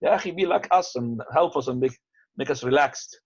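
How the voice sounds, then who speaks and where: Husky-voiced man teaching, lo-fi sound. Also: mid-range voice, brisk, darkish tone. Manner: casual and conversational, mixes in Arabic phrases, frequent restarts. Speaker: teacher answering questions. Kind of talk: lecture with questions. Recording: dull, lo-fi upload.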